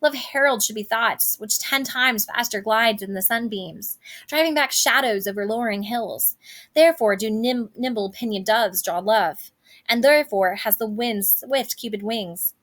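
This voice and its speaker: A woman's voice: a little high, normal speed, fairly bright tone, lightly acted. A woman reading the lines of an impatient, lovesick teenage girl from a play, eager and pleading.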